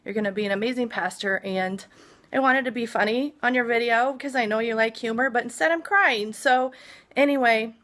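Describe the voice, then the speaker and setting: A woman's voice: a little high, fairly quick, a bit bright. A woman in her forties giving a heartfelt, sincere birthday message. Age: 40s.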